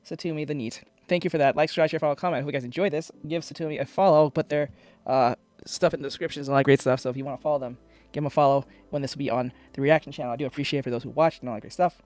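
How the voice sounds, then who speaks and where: A man hosting a reaction channel, talking casually in an excitable, rambling way and swearing a lot. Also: a little high, racing.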